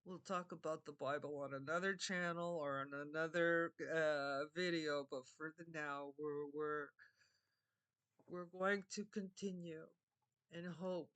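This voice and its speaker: An older woman speaks straight to her viewers in an earnest, heartfelt monologue. She talks at an unhurried, drawn-out pace, often circling back and repeating herself. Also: deep voice, steady tone, fairly bright tone, clear, resonant tone. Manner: earnest, meandering, repeats phrases. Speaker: vlogger. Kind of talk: heartfelt spoken monologue to camera.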